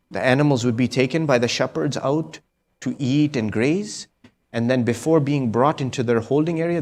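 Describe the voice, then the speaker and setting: A man preaching a mourning sermon, telling a grave story to a gathering. He speaks mostly low and hushed, checks on his listeners with a questioning "hmm?", and now and then lifts his voice to a loud peak. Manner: storytelling with frequent "hmm?" prompts to the audience.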